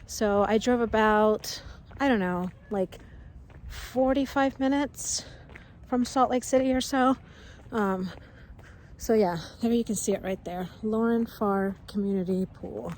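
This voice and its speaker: A woman chats her way through a casual walking-tour vlog, exclamatory and thinking aloud. Her voice sits at an ordinary middle pitch. She records outdoors on a handheld camera, with a faint hum of the town behind her. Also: measured pace, darkish tone. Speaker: travel vlogger visiting film locations.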